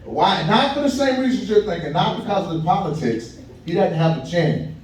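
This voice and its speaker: A man's voice: high-pitched, expressive, brisk, noisy background. A man from Kentucky doing a loose, conversational stand-up set, chatting with the crowd and laughing at his own jokes. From Kentucky, USA. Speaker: stand-up comedian. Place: small comedy venue. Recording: echoey room, mic heard from far.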